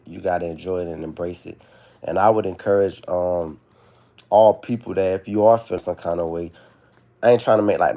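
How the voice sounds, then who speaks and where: A man's voice: on the low side, gravelly, mellow. A young man talking frankly and rambling on a livestream from his phone, swearing freely as he opens up about heartbreak. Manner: rambling, frank, profane, confessional. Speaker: livestream host. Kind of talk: candid livestream talk.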